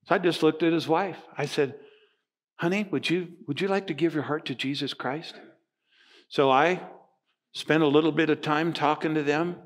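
An older man in his sixties, a pastor from Nova Scotia, telling a story in a sermon and acting out the voices of the people in it. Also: medium pitch. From Nova Scotia, Canada.

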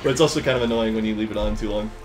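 A young man giving casual, excitable gameplay commentary with friends, swearing, laughing and breaking into loud outbursts. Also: fairly low pitch, rapid-fire, faint music behind. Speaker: gaming commentator.

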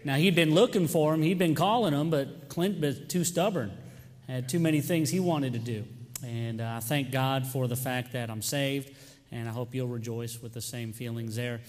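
A man's voice: medium pitch, moderate pace, darkish tone. A young man, a youth pastor making joking announcements and telling stories to his congregation. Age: young adult. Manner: chatty, joking, talks to the congregation by name. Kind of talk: sermon announcements and storytelling. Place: church sanctuary. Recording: long hall reverb.

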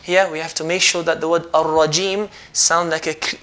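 A man with a bright, ringing voice that sits a little high for a man. He teaches recitation step by step, explaining patiently and then stretching each sound out slowly in repeated demonstrations. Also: little pitch movement. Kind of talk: step-by-step pronunciation lesson.

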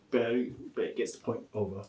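A man's voice: lowish voice, mellow. A man, a massage therapist talking casually to viewers in a laid-back way, chuckling often and calling people "man". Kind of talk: casual chat and storytelling. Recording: roomy echo.

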